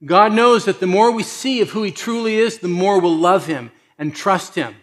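A man preaching a sermon, animated, acting out quoted voices and swinging from loud emphasis to hushed, intimate lines. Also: sits high, normal speed. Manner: acts out quoted voices conversationally. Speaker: pastor.

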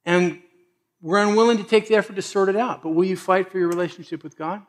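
Animated preacher man, slightly high voice. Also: quick pace. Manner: animated, swings from loud to hushed; acts out quoted voices conversationally. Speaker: pastor. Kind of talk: sermon.

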